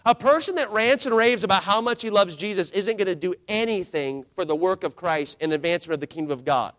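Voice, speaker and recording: High-voiced impassioned male preacher. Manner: impassioned preaching, swinging from loud to hushed; drawn-out emphatic phrases. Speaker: pastor. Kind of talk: sermon.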